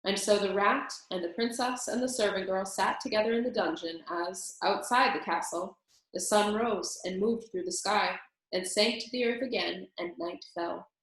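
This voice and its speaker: Woman reading a storybook aloud, expressive, mid-range voice, very echoey room. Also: mid-range voice, moderate pace. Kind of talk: reading a children's book aloud.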